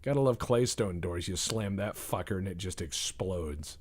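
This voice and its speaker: A man's voice: sits low, expressive, normal speed, a little mellow. A man hosting a let's-play video, chatting casually in a rambling, profane, self-deprecating way. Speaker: gaming channel host.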